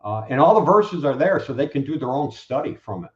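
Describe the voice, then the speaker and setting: A man guest preaches in casual chat, lively and acting out quoted speakers. His voice sits at a middle pitch. The recording is roomy and dull, like a lo-fi line. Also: a little fast. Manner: animated, acts out quoted speakers. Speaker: guest, Bible teacher.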